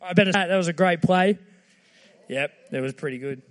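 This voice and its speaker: Earnest high-voiced man preaching. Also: a little fast, in a large hall. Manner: earnest, retells scripture in casual voices. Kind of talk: short timed sermon.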